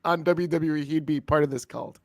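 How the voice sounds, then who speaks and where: A man's voice: fairly high pitch, fairly even intonation, brisk. A man co-hosting a casual wrestling chat, laughing, teasing and arguing his point. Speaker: podcast co-host.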